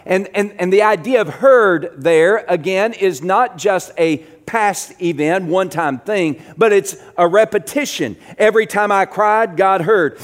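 A middle-aged pastor preaching a sermon, moving from quiet, low passages to loud, emphatic ones, often repeating words as he builds. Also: measured pace, few pauses.

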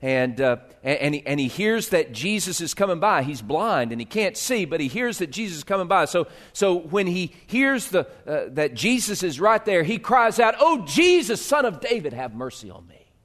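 A male pastor preaching a sermon, swinging from hushed, slow lines to loud, rising appeals. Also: sits high, very animated.

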